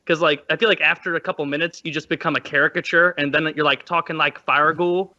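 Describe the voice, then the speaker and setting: Male co-host, bright and forceful voice, chatty and jokey, dull lo-fi mic. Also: on the high side, fairly even intonation, fast talker. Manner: chatty, jokes and laughs. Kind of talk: casual podcast chat.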